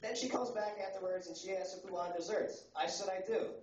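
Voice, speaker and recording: A man in his twenties from the United States doing a stand-up comedy set at a coffee house, talking fast and crudely with rambling fillers. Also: high-pitched, a little hiss or hum. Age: 20s. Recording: roomy, distant, muffled live recording.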